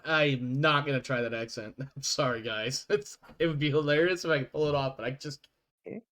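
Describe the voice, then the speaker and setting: A man's voice: medium pitch, a little fast, fairly bright tone. A man narrating a tabletop game as game master, chatty and self-deprecating, laughing often.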